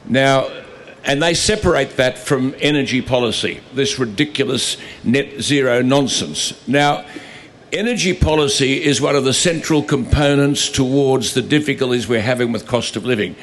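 A man's voice: mid-range voice, normal speed. A man giving an emphatic, repetitive, sarcastic speech into a microphone at an outdoor protest rally. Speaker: rally speaker and broadcaster. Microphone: stage microphone.

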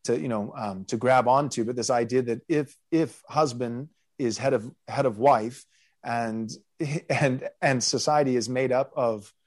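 Man, pastor host, casual discussion, earnest, mid-pitched voice, thinks out loud. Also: fairly even intonation, unhurried. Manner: thinking aloud, earnest, many restarts.

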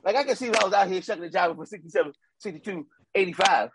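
A man co-hosting a casual sports talk show, ranting with animated repetition and slang. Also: sits high, very fast, noisy background. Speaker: podcast co-host.

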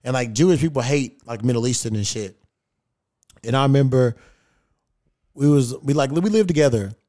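A man's voice: mid-range voice, normal speed, mellow, no room sound, clean studio sound. A man hosting a podcast in casual chat, talking bluntly and profanely. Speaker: podcast host.

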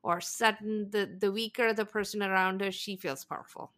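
A woman co-hosts a casual podcast, musing about reality TV in a chatty, agreeable way. Her voice is bright and crisp, and she often lets her sentences trail off low and soft. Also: fairly even intonation, normal speed. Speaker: podcast co-host. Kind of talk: casual reality TV recap chat.

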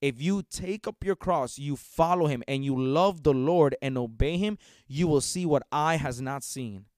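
A man's voice: on the high side, a little slow, darkish tone, no room sound, clean studio sound. A man hosting a podcast, preaching in a fervent, repetitive monologue full of restarts. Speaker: podcast host.

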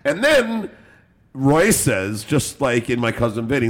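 A man hosting a podcast, telling a story in a laughing, rambling, animated way with swearing and restarts. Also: medium pitch, a little slow. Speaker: podcast host. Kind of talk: casual storytelling chat.

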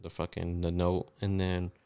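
A man's voice: deep voice, monotone, moderate pace, dark tone, smooth. A young man in casual podcast chat, laid back and profane, telling stories.

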